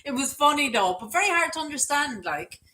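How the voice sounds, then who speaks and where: A woman's voice: high-pitched, very animated, brisk, bright, forceful tone. A middle-aged woman hosting a casual livestream, chatty, often laughing as she reads out viewers' names. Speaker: livestream host reading chat. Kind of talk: casual live chat.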